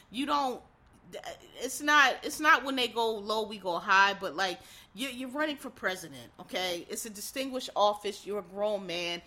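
A woman giving casual solo commentary, ranting in an animated, rambling way and swearing freely. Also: medium pitch, moderate pace. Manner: animated, profane, rambling rant. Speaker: political commentator.

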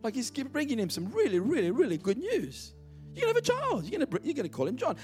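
High, lively male preacher. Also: fast, faint music behind. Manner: emphatic, repeats words for stress. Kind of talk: sermon.

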